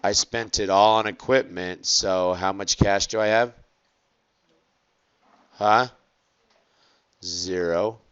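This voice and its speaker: A man teaching an accounting lecture, asking the class quick rhetorical questions and stretching out key words. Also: lowish voice, steady tone, a bit bright, smooth, muffled recording.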